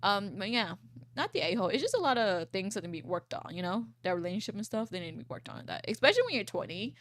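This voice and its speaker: A woman in her twenties, a VTuber, chatting casually and reading posts aloud on stream, rambling and swearing, with a froggy, croaky low voice. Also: sing-song, quick pace, dry recording, studio quality. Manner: rambling, swears, laughs often.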